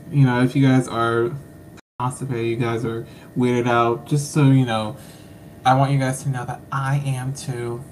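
A woman's voice: extremely low pitch, a little mellow, slight background noise. A woman hosting a podcast, wrapping up an episode in a rambling, playful way with lots of fillers. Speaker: podcast host. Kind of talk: casual sign-off chat.

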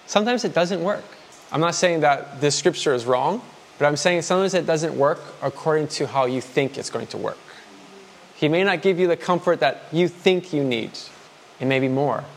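A man delivering a sermon, his voice sitting a little higher than most men's. He talks frankly and conversationally, swinging into heartfelt quoted prayers and back again. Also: moderate pace. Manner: candid, conversational preaching with dramatic quoted prayers. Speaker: preacher.

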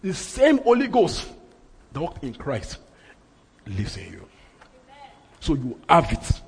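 A man's voice: on the high side, wildly swooping pitch, slow, gravelly, a little mellow, breathy edge. A man preaching a sermon, emphatic and repeating his phrases for effect. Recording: reverberant hall.

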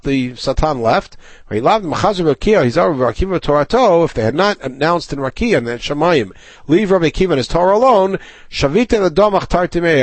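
Animated man teaching Talmud. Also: fairly high pitch, dry recording. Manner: reads Aramaic aloud then paraphrases in English, with fillers and self-corrections. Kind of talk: Talmud class, reading and translating.

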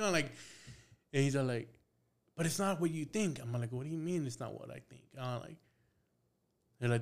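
A young man spinning a story on a podcast, lively and loose. He acts out every part of the dialogue himself, swears often, and slips into bits of Spanish along the way. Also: mid-range voice, fairly quick. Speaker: podcast guest, tattoo artist. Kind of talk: casual storytelling.

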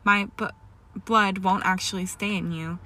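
A woman's voice: mid-range voice, steady tone, sharp tone. Hermione: a woman reading as an anxious, pleading young witch. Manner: pleading, halting.

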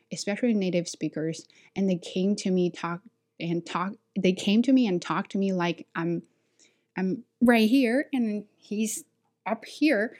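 A woman's voice: medium pitch, a little mellow. A woman from China with a Chinese accent, talking candidly and energetically on her own podcast, laughing now and then. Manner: candid, outspoken, laughs while telling stories. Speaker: podcast host, ESL teacher. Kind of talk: casual monologue podcast.

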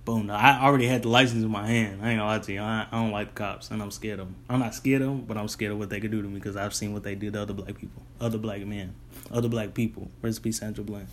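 A man's voice: on the low side, quick pace, slight background noise. A young man, casually telling a long rambling story about his delivery job. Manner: rambling, restarts, relaxed colloquial. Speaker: delivery driver.

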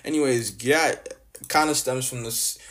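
A man's voice: medium pitch, unhurried, a bit bright. A young man from Canada giving a casual opinion rant, blunt and mocking, full of slang and filler words. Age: young adult. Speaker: vlogger.

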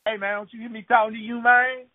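A man voicing a hotheaded young street tough who is picking fights, loud and taunting. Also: extremely high pitch, little pitch movement, quick pace, pitched above the performer's own voice. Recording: tinny dry phone line.

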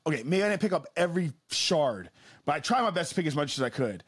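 A man's voice: a little high, very animated, quick pace, slightly rough. A young man co-hosting a podcast, telling stories in a casual, swearing way and acting out other people's voices. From Texas. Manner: swears a lot, acts out people in quoted voices. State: injured toe. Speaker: podcast co-host. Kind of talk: casual chat.

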